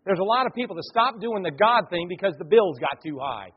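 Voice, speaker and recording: A male pastor delivering an animated sermon, acting out the voices of the people in his stories. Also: high-pitched, a little fast, slightly rough. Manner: animated preaching, acts out quoted voices. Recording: dull sound, long hall reverb.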